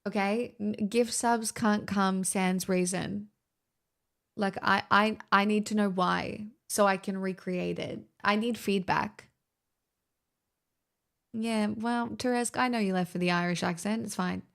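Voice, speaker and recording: Gravelly Australian woman streamer. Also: mid-range voice, steady tone, measured pace. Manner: chatty, rambling, swears freely. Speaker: livestreamer. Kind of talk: casual streaming chat.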